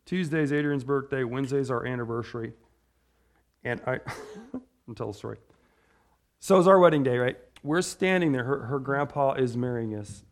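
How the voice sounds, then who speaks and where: A man's voice: mid-range voice, normal speed, long pauses. A man preaching an informal sermon in a chatty, rambling way, often checking in with "right?". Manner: chatty, tags lines with "right?"; rambling with restarts.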